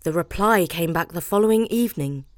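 A woman hosting a show, reading a children's story aloud in an expressive way. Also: on the low side, a little fast, dry recording, clean studio sound. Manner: expressive, animated. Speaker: host reading children's stories.

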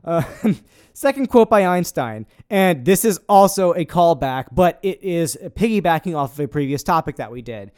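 A man's voice: a little high, expressive, normal speed, a little mellow, clear, resonant tone. Sarcastic young man hosting a podcast. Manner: sarcastic, rambling, swears casually. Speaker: podcast host. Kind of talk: casual podcast chat.

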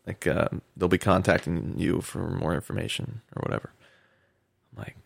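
A man, a former pro baseball player, telling an animated story in a podcast interview and acting out the quotes. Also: sits low, moderate pace, vocal fry, no echo, studio quality. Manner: animated anecdote, acts out quotes, laughs often.

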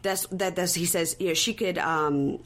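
A woman's voice: fairly low pitch, normal speed. A woman co-hosting a podcast, retelling scenes casually and acting out the quotes. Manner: animated retelling with acted-out quotes. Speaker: podcast co-host. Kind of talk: casual recap chat.

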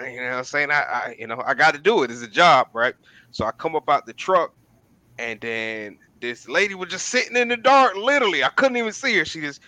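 A man with a bright, forward tone chats on a podcast in a loose, slangy way. He tells his stories with energy and keeps saying "man". The sound is close and dry. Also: mid-range voice, a little fast, no room sound, low-quality recording. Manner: animated storytelling with slang, says "man" often. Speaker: podcast co-host. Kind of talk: casual chat.

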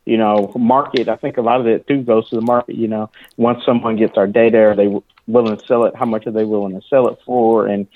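A man speaking as a guest on a casual panel, relaxed and hesitant with many fillers. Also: lowish voice, quick pace. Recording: tinny phone-like call line.

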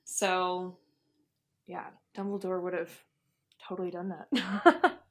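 A woman's voice: on the low side, level tone, slow pace. A woman in a casual book discussion, rambling and self-correcting, often laughing.

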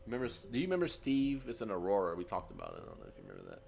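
A man's voice: low-pitched, wildly swooping pitch, very fast, gravelly, a little mellow. A man co-hosting a podcast with his brother, chatting casually and rambling, with frequent laughs. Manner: rambling, laughs often, many fillers and restarts. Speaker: podcast co-host. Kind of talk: casual chat.

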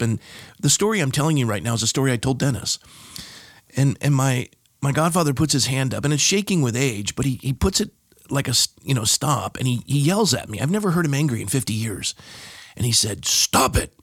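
A man's voice: medium pitch, dry recording, clean studio sound. A middle-aged pastor from California, a podcast guest, telling a personal story with emphasis and lifting his voice for the key moments. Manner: emphatic storyteller, lifts his voice for punch lines. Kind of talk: storytelling in an interview. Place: podcast studio.

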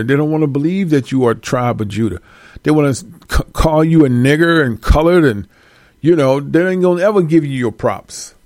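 A man giving an animated casual monologue to his viewers, swearing freely and laughing often. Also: fairly high pitch, no echo, studio quality. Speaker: host.

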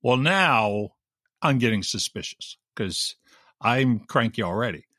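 A man who works in radio, telling animated, wry anecdotes in a casual chat. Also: mid-range voice, a little slow, dry recording, studio quality. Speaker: radio DJ guest.

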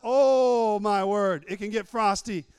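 High-voiced, playful male preacher. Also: takes it slowly, darkish tone, clean tone, no room sound, clean studio sound. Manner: acts out little scenes in different voices; repeats phrases for emphasis. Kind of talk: humorous sermon.

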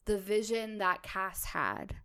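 A woman co-hosting a podcast, chatting casually and thinking out loud with enthusiasm. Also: mid-range voice, slow pace, creaky, a crowd in the background. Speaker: podcast co-host.

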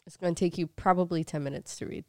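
A woman's voice: on the low side, fairly even intonation, fast, warm tone, no echo, clean studio sound. A woman in her thirties co-hosting a podcast, chatty and bubbly, with a nasal voice from a recent cold. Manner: bubbly, laughs often. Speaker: podcast co-host. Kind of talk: casual chat.

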